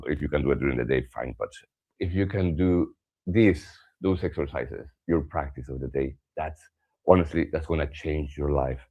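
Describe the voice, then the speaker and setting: A very deep-voiced man, a yoga and somatic practice teacher, leads a morning stretching class with calm, instructive cues. When he stresses a word, his voice sinks soft and low, and he sometimes pauses on fillers while explaining a point.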